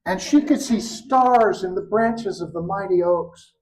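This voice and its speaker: An older man telling stories in an animated, expressive way at a live storytelling performance. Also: sits high, measured pace, low-quality recording.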